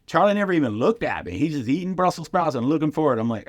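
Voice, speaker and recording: A man's voice: a little high, big pitch swings, quick pace, no room sound. A middle-aged man, a comedian, telling casual stories on a podcast and acting out the voices of other people in his quotes. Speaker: comedian guest.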